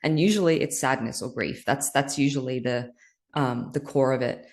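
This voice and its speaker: Woman podcast guest, healer; extremely low voice, confessional, rambling with fillers. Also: moderate pace. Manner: loose, filler-heavy, earnest and confessional. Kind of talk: candid spiritual interview talk.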